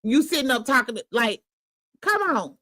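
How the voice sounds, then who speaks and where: A woman hosting a reaction livestream, teasing and swearing in quick, animated bursts of casual commentary. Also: fairly high pitch.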